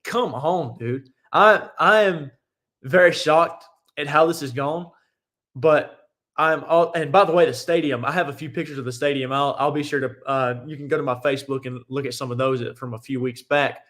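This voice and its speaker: A man's voice: mid-range voice, steady tone, moderate pace, a bit bright. A young man hosting a sports talk show, giving casual, opinionated and rambling commentary with frequent restarts.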